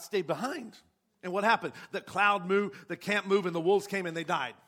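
A man's voice: sits high, a bit bright. A man preaching a sermon with passion, asking his congregation rhetorical questions. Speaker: pastor.

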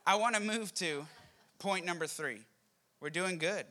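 Bright, high-voiced preaching man. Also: a little slow. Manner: animated storytelling preacher, acts out quotes. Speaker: pastor. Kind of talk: sermon.

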